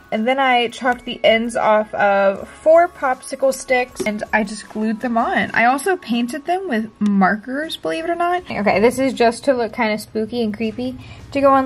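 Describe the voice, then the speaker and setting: This crafting vlogger, a young woman with a high voice, keeps up casual, chatty narration while she works, muttering to herself and slipping into quiet asides.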